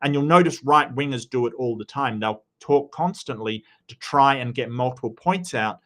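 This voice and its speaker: Man, casual commentary, rambling, stammers and restarts, mid-pitched voice. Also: normal speed, fairly bright tone. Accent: non-American. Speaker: commentator reacting to clips.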